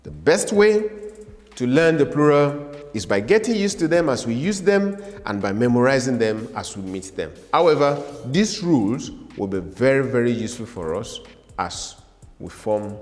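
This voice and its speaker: A man teaching a language lesson, patient and repetitive, having learners repeat words after him. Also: fairly high pitch. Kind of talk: slow, drilling language lesson. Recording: echoey room with faint music.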